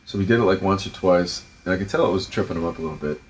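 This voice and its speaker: A man in middle age speaks with a thick Providence accent in a fairly low voice. He chats casually as a show host, animated and a bit profane, piling up fillers and acted-out dialogue. A faint noise sits under the recording. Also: very fast. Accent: Rhode Island (Providence). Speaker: podcast host and film director. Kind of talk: casual storytelling chat.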